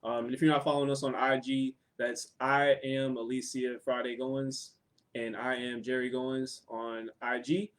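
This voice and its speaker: A man co-hosting a live Q&A, speaking casually and shouting out viewers. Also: mid-range voice, little pitch movement, normal speed. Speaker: co-host. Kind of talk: live-stream Q&A.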